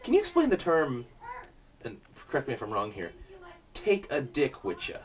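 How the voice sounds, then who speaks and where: A man's voice: medium pitch, wildly swooping pitch, moderate pace. Young man, mock-serious comic interviewer. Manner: mock-serious, dry questioning. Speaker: student interviewer.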